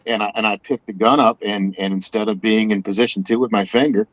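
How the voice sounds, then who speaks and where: Low-voiced man telling a halting story. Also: fairly even intonation, no room sound, low-quality recording. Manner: self-deprecating, halting with repeated words. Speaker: guest. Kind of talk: casual chat.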